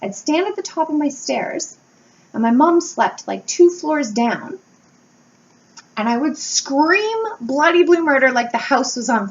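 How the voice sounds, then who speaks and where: A woman, chatting candidly to camera from home as a YouTuber, telling stories with lively energy and casual swearing. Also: sits high. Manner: candid, animated storytelling with swearing and laughs. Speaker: wax-melt YouTuber and blogger. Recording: slightly dull home recording with faint background noise.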